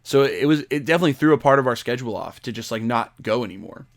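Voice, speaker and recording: A young man co-hosting a casual podcast chat, excitable and given to loud outbursts when retelling his reactions. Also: medium pitch, very fast. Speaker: podcast co-host.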